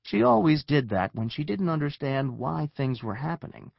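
A man narrating a children's story with expressive storytelling. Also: a little high, normal speed, vocal fry, dry recording, muffled recording. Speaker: audiobook narrator.

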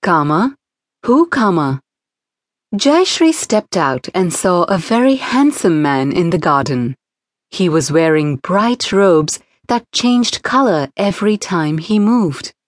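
A woman narrating a children's storybook in a gentle, expressive way. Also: fairly low pitch, slow, dry recording, studio quality. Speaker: audiobook narrator.

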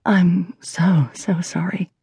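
A woman's voice: on the low side, flat delivery, takes it slowly, dark tone, slightly rough, dry recording, clean studio sound, full character voice. Woman doing a flustered, stammering young woman. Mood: shocked. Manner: stammering, embarrassed.

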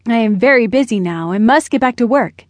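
A woman's voice: a little high, expressive, brisk, no echo, lightly acted. A woman voicing a busy, proud male bumblebee in a children's storybook. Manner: matter-of-fact, slightly grumbling.

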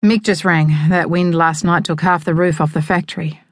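A woman reading a firm, steady father. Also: on the low side, moderate pace, no echo, close to an everyday voice. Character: worried father, calm but firm. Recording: dry close studio sound.

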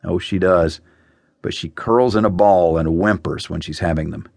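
A man's voice: low voice, normal speed, gravelly, darkish tone, no echo. A male narrator voicing a blunt, tough survivalist man in an audiobook. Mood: dry. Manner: blunt, matter-of-fact.

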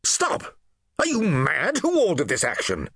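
A man's voice: a little high, huge pitch swings, drawn-out words, vocal fry, sharp tone, slightly rough, dry recording, clean studio sound, voice pushed up, heavily acted. A man voicing an arrogant Praetorian commander who gives curt, authoritative orders. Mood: commanding.

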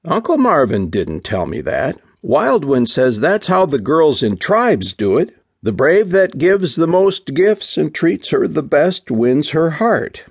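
A cocky little boy of nine, pleased with himself and blunt about it, as a male narrator puts him on. The voice jumps up high yet keeps a husky, gravelly edge, slow and dry. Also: big pitch swings, dry recording, full character voice. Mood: cheeky. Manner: cheeky, matter-of-fact. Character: cocky nine-year-old boy, proud of his admirers.

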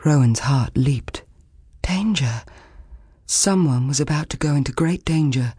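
A woman narrating a children's fantasy audiobook at a slow, measured pace. Her voice is slightly husky and expressive, recorded close on a dry studio mic. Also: extremely low pitch, dry recording. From Australia. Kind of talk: scripted narration.

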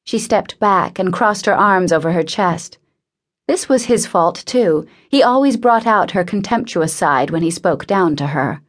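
A woman reading a novel aloud in a measured, intimate narration. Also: fairly low pitch, expressive. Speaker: audiobook narrator. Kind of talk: scripted narration.

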